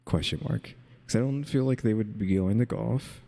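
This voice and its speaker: A man chatting casually, thinking aloud and saying "question mark" out loud. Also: fairly low pitch, normal speed, long reverb tail. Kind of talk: casual chat.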